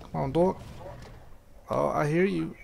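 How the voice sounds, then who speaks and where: A man's voice: a little high, a little slow, gravelly, a little mellow, slight background noise. A man commentating playfully while playing a horror game with a friend. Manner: playful, reactive, puts on voices. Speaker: co-host gamer. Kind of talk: let's play commentary.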